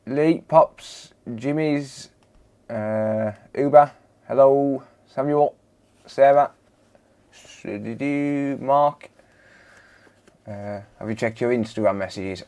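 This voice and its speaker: This live-stream host, who repairs electronics, greets his viewers one by one and trades casual banter with the chat. He has a warm, smooth, mid-range voice and talks slowly, pausing often.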